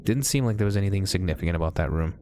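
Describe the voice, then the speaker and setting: A man narrates his own gameplay in a loose, conversational way, wondering aloud and stumbling through half-finished thoughts. His voice sits a little low. A faint hum of noise runs under the recording. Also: animated, racing, mellow. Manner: thinking aloud, chatty, with many hesitations. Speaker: let's play host. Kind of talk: casual gameplay commentary.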